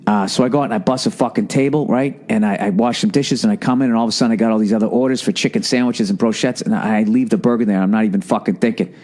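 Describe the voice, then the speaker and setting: A man's voice: fairly low pitch, steady tone, quick pace, few pauses, a little mellow. Profane, rambling male comedian storyteller. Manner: profane and rambling, with many asides. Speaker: podcast host.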